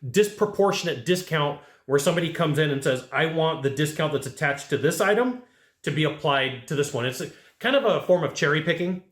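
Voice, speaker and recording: Animated man giving sales advice. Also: fairly high pitch, reverberant. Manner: animated, acts out client quotes, rhetorical questions. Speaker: sales trainer. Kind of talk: casual sales training talk.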